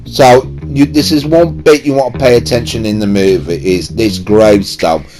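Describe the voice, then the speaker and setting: A man's voice: fairly low pitch, fairly even intonation, moderate pace, darkish tone, faint music behind. A young man rambling through a casual film recap in a chatty, slangy way. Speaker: video creator.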